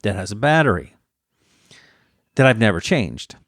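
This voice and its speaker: A man's voice: on the low side, sing-song, moderate pace, no room sound, studio quality. A man co-hosting a podcast, telling rambling, self-mocking stories in casual chat. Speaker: podcast co-host.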